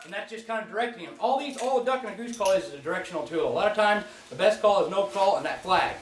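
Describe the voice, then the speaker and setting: A relaxed, folksy man with a high voice walks through goose-calling technique, often starting his phrases over. He sounds set back from the mic in an echoey space. Faint clicks sit behind him. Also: fast talker, distant mic, slight background noise. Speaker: goose call instructor. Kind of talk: casual spoken demonstration.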